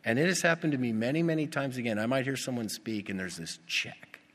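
A male pastor preaching a sermon, animated and putting rhetorical questions to his congregation. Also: medium pitch, fast. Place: church. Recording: long reverb of a church hall.

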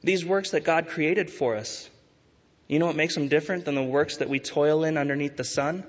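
A fairly high-pitched pastor preaches a sermon with earnest urgency, using emphatic rises and slow stresses. The recording sounds dull, with a long hall reverb.

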